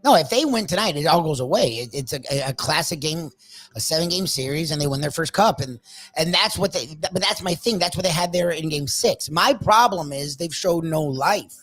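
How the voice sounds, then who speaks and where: A man's voice: a little high, expressive, a little fast, fairly bright tone. A man co-hosting a casual sports talk show, speaking bluntly and emphatically with frequent swearing.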